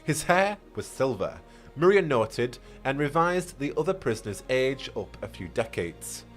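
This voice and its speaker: A man's voice: medium pitch, big pitch swings, a little slow, faint music behind. A man reading a fantasy story aloud on a live stream, often stumbling and rereading with chatty asides.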